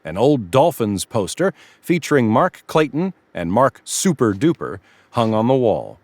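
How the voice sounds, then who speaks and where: A man reading scripted narration for a story with expressive delivery. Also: medium pitch, a little slow, no echo.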